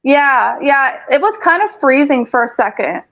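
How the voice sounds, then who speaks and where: A woman with a fairly high voice rambles through a long account, swearing freely and stalling on fillers. She is heard over a dull, lo-fi video-call connection. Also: very animated, moderate pace, a bit bright. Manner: rambling, profane, frequent filler words. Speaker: caller telling her story. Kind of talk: casual chat on a group call. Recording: lo-fi call audio.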